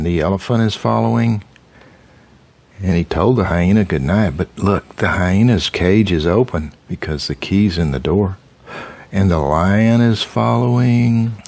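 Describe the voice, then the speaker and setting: A man's voice: low-pitched, vocal fry, a little mellow. An older grandfather reading a picture book aloud, stopping to ask the child about the pictures.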